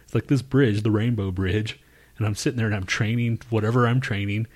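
Low-voiced man telling a rambling story. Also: a little fast. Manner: rambling, profane, animated storytelling with shouted quotes. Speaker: podcast co-host. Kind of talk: casual chat, telling a dream story.

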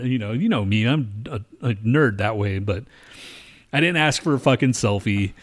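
A man spinning a rambling, profanity-laced story in casual chat, acting out the voices of people in it. His voice sits at an ordinary middle pitch, loose and chatty. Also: moderate pace. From lives in Denver. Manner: profane, rambling, acts out quotes.

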